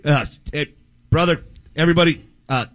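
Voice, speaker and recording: A slightly high-voiced man hosting a sports talk show, full of energy and jokes. He rambles happily from one bit to the next in loose, casual chat. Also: moderate pace. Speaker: radio show host.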